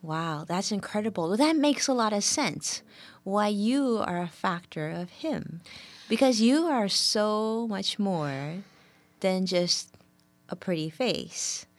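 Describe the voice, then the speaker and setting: A woman hosts a conversational interview, full of admiring praise as she asks her questions. Her voice sits at a middle pitch. It is recorded close and dry, with no room echo. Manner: effusive, admiring. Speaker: interview host.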